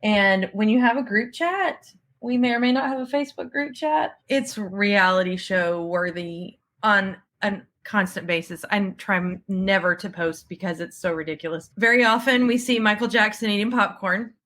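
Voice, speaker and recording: A woman's voice: mid-range voice, normal speed, few pauses, fairly bright tone. A middle-aged woman co-hosting a podcast, chatting casually and laughing often. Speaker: podcast co-host. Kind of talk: casual chat.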